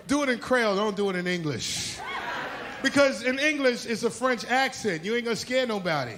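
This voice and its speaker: A man from Haiti doing a brash, profane stand-up comedy set on a club stage, telling animated stories. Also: sits high. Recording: live club with loud crowd and noise.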